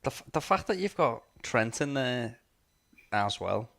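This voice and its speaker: A man co-hosting a podcast over an online call, excitable and given to exasperated grumbling. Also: mid-range voice, a little slow, gravelly. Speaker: podcast co-host. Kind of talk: casual chat.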